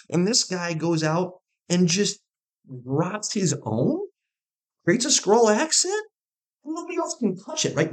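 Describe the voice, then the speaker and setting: Animated, emphatic man on a podcast. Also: on the high side. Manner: emphatic and animated, stresses words for effect. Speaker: podcast co-host. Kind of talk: casual chat about movies and shows.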